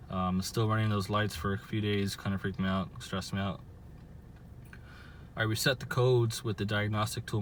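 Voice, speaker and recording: In a lowish voice, a man from Southern California records a laid-back outdoor vlog by his car, describing its problems in a meandering way full of fillers and restarts. There's a slight hiss or hum in the audio.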